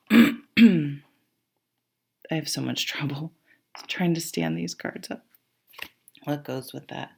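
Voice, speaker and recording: A woman's voice: sits low, gravelly, a little mellow. A tired woman giving a casual tarot reading, rambling and thinking aloud with many fillers, laughing and swearing easily. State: tired, yawning. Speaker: tarot reader.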